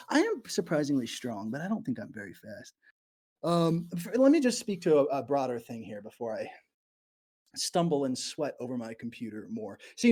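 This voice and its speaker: A man's voice: mid-range voice, slightly rough. A nervous man rambling and laughing as he answers viewer questions during a live stream from an abandoned morgue. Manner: nervous, rambling, giggly, self-deprecating. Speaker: YouTuber livestreaming to fans.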